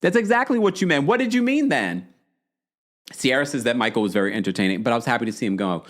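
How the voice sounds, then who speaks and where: A man hosting a live talk show, chatting in a casual, animated way and reading out comments from viewers. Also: lowish voice, fast talker. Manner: animated, acts out quoted lines in shifting voices. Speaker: podcast host recapping reality TV.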